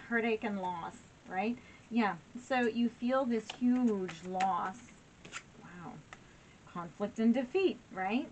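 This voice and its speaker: A woman's voice: medium pitch, darkish tone, a little hiss or hum, poor audio. A woman giving a casual tarot reading to her viewers, encouraging and frequently asking "right?" and "okay?". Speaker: tarot reader.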